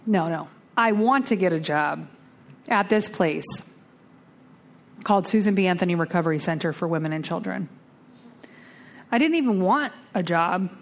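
A woman speaking at a twelve-step recovery meeting, telling a blunt, salty story with lively storytelling and acting out the other voices. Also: lowish voice, normal speed, pauses often. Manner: lively storytelling, acts out the voices in her tale; blunt and salty, casual swearing.

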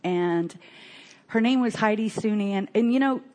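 An older woman telling her personal recovery story in an earnest, halting way, often restarting her sentences. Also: medium pitch, a little mellow.

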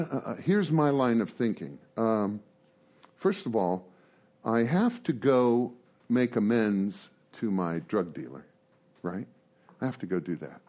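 Man telling stories with humorous asides. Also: medium pitch. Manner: conversational, rambling, humorous asides. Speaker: speaker at a recovery meeting. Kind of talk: storytelling talk to a group.

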